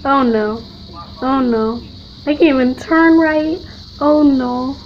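A woman's voice: high-pitched, fairly even intonation, takes it slowly, muffled recording, background noise. A woman giving nervous, jumpy, giggly commentary while playing a horror game. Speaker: gamer.

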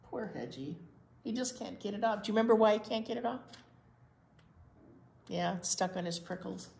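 A woman librarian reading a picture book aloud at a children's storytime, pausing to ask the children questions. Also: mid-range voice, vocal fry, a little mellow, reverberant.

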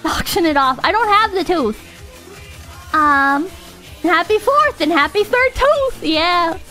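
A woman's voice: very high-pitched, animated, slow pace, sharp tone, faint music behind. A woman streamer telling a story in a casual, rambling way, swearing and giggling often. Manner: rambling, profane, giggly, with frequent restarts.

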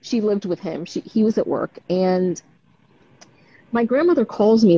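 Heard through a video call in dull lo-fi stream audio, a woman doctor holds a casual live-stream conversation, speaking frankly and animatedly and often closing with tag questions. Her voice is medium-pitched, warm, and husky, at a normal speed.

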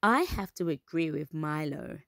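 A woman reading a storybook aloud to children, gentle and expressive. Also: deep voice, unhurried, vocal fry, dry recording, clean studio sound.

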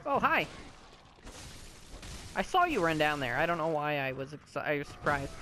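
A man's voice: fairly high pitch, brisk, fairly bright tone, a little hiss or hum. A man giving casual let's-play commentary, joking and swearing at enemies, his voice a bit sore from talking all day. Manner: jokey, rambling, self-mocking.

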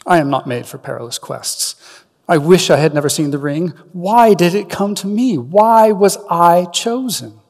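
A frightened young hobbit, as a male reader puts him on, pleads in a raised, strained voice that stammers with worry. The voice sits well above the reader's own and comes out loud. Long reverb from a lecture hall hangs behind it. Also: high voice, normal speed, voice pushed up. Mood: pleading. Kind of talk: dramatic reading aloud.

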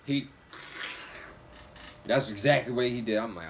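A young man hosting a reaction video, telling a long story in loose, slangy, animated casual chat. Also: mid-range voice, a little slow, pauses often, slight background noise.

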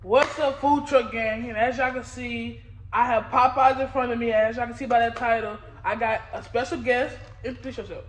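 A man's voice: extremely high pitch, fairly even intonation, normal speed, a bit bright. A young man talking casually in slang to his camera for a prank vlog, joking and eating. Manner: slangy, playful, talks through bites of food. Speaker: vlogger. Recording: echoey room, noisy phone recording.

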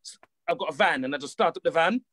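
A man with a Caribbean accent speaks with a fairly high voice, recorded dry and close on a video call. He chats in a relaxed, joking way and circles back over his own phrases, the sound of a guest on a live talk show. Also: fast, no echo. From West Indies. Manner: easygoing, jokey, repeats himself. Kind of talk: casual chat.

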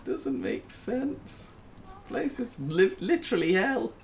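A man giving casual, jokey commentary as he plays a video game, talking himself through it and breaking into high squeals when something startles him. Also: huge pitch swings, takes it slowly, creaky, a little mellow, a little hiss or hum. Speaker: gaming YouTuber.

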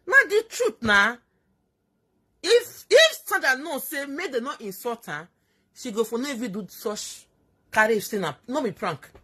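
A woman's voice: a little high, big pitch swings, normal speed, fairly bright tone, breathy edge. A woman speaking Nigerian Pidgin English, ranting on a casual live stream, emphatic and scolding, repeating herself and laughing as she goes. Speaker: social media commentator.

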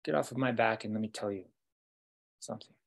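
A man's voice: fairly low pitch, brisk, vocal fry. A man voicing a wise great gray wolf. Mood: instructing. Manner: patient, instructive.

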